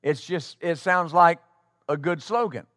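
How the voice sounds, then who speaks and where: Guy preaching in church, highish voice, super dry sound, chatty then bursts out loud. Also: measured pace, no room sound. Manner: conversational preaching with sudden bursts of loud exclamation. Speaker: pastor. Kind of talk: sermon. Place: church sanctuary before a congregation.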